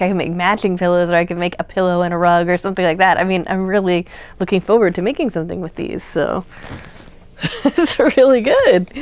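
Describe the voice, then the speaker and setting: A woman's voice: on the low side, no echo. Woman, craft vlog host, chatty, gushing, lots of ums, casual unboxing talk. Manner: gushing, chatty, many fillers.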